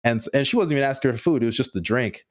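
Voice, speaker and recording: A man's voice: medium pitch, expressive, very fast. A young man on a podcast, telling a casual story in a loose, rambling way with lots of fillers and chuckles. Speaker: podcast guest.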